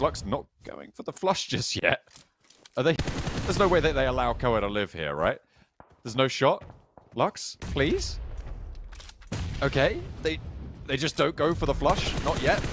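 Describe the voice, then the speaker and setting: A man doing live esports play-by-play, rattling off the action in quick, excited bursts. His voice sits in a middle pitch, and he breaks into easy laughter with his partner between calls. A faint hiss of background noise sits under his voice. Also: creaky.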